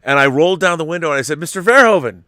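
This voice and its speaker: A man in his fifties hosting a casual podcast chat, telling stories in an animated, profane way. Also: fairly high pitch, racing, clean tone, dry recording, clean studio sound. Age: 50s. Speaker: show host.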